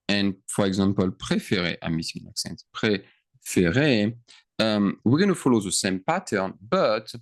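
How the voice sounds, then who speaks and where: A man teaching verb endings, patiently checking in with his students as he writes. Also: fairly low pitch. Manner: patient, checks in often, stretches words out. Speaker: French teacher. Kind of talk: slow explanatory grammar lesson.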